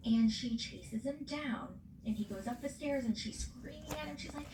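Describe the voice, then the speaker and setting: A woman's voice: on the high side, brisk, hardly any pauses, roomy sound, very noisy. A woman hosting a casual recap show, talking animatedly and bluntly, swearing freely. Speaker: podcast host.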